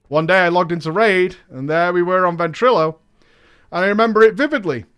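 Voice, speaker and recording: A man's voice: high-pitched, normal speed, a bit bright, clean tone. A man reading a story aloud with comedic commentary, breaking off for mocking, sweary asides. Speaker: podcast host reading a listener story.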